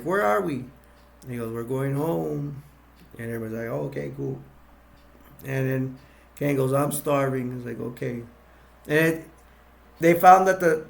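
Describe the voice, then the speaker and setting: A man's voice: medium pitch, gravelly. A man casually retelling a movie's plot, rambling with many fillers and restarts. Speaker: movie reviewer. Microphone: attached to a bag.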